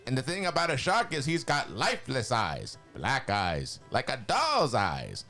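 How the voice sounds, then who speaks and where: A man's voice: mid-range voice, huge pitch swings, a little slow, sharp tone, faint music behind, heavily acted. A man voicing Skeletor, an evil skeletal sorcerer, reading a long dramatic monologue in a nasal, sneering voice. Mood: menacing. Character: evil skeletal male sorcerer, cackling villain.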